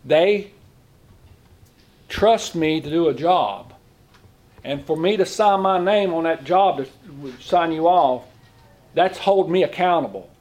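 A man's voice: on the high side, slow pace, pauses often, darkish tone. A middle-aged man giving a conversational sermon as a lay preacher, folksy, talking in plain informal grammar and often asking the room questions.

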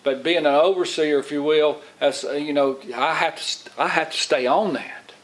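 A middle-aged man preaching an informal Bible lesson in a slightly higher-pitched voice. He rambles, restarts his sentences and repeats words, and he often acts out other people's lines as he goes. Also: moderate pace, poor audio. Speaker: lay preacher, Bible teacher. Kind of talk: informal sermon.

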